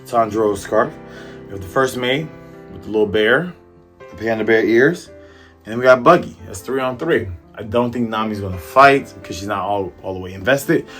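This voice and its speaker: A man hosting a casual comic chapter review, retelling the scenes in an animated way and throwing in playful sound effects. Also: fairly low pitch, normal speed, faint music behind. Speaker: manga review host. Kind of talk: casual chapter recap and commentary.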